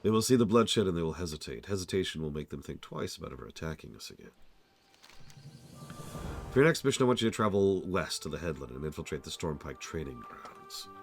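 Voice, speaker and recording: A man reading aloud as a scheming undead male commander who gives calm, sinister orders. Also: rumbling low, a little fast, gravelly, faint music behind, heavily acted.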